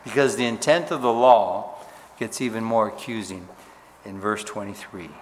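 A man preaching a sermon as pastor, stressing words and dropping to a hush on key points. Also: on the low side, moderate pace, long reverb tail, a little hiss or hum.

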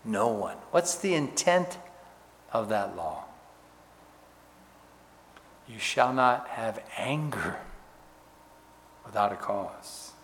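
A man preaching a sermon as pastor, stressing words and dropping to a hush on key points. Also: fairly low pitch, animated, extremely slow, long pauses, long reverb tail, a little hiss or hum.

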